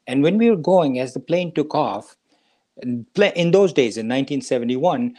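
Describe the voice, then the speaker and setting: A doctor in his seventies who hosts a talk show tells a personal story step by step at an easy pace, pausing now and then to pose himself questions and answer them. His voice is of ordinary pitch, with lively intonation and a dark tone.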